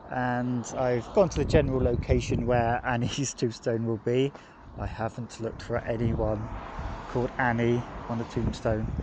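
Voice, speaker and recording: Guy from devon wandering about outside rambling into his phone, cars going past, kinda thoughtful. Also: mid-range voice. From England, grew up in Devon. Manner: rambling, reflective, with restarts. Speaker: podcast host. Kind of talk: casual walking monologue. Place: outdoors, walking past streets and a cemetery. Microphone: phone held while walking. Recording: phone recording outdoors with clear traffic noise. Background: passing cars and urban street noise.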